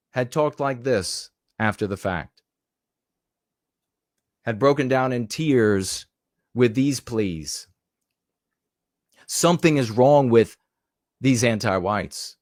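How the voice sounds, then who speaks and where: A man's voice: mid-range voice, darkish tone, no echo, clean studio sound. A man giving a rhetorical, indignant commentary monologue, repeating phrases for emphasis. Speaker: political commentator.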